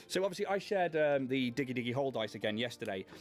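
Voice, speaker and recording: A man's voice: medium pitch, expressive, fast. A man hosting a casual livestream while painting miniatures, chatty and self-mocking, laughing often. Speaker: host.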